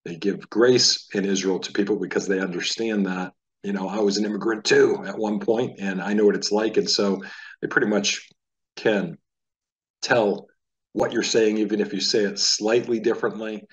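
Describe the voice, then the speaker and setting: A man from the United States teaching a casual Hebrew lesson, talking in a relaxed, conversational way and sounding out letters aloud. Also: fairly low pitch, moderate pace, distant mic, rough recording.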